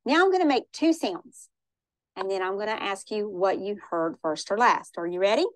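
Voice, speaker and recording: Lively teacher quizzing young children. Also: female voice, mid-range voice, moderate pace, no echo, rough recording. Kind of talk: classroom teaching. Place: classroom.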